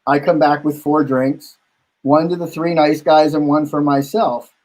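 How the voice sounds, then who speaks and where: A man telling lively stories about his bar in a casual chat, acting out what people said. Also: on the high side, a little slow, poor audio. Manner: animated anecdote-telling, acting out quotes. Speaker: bar owner and guest host.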